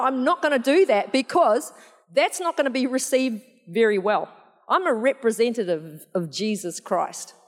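Chatty woman preaching in a hall. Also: a little high. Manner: chatty, laughing, animated storytelling. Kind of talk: sermon testimony. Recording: long hall reverb.

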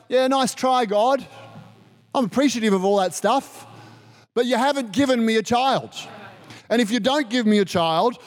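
A high-pitched man preaches with an animated, storytelling delivery. He slips into quick voices for the people in his stories and keeps a casual, joking tone. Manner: animated, acts out quoted voices. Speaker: pastor. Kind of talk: sermon.

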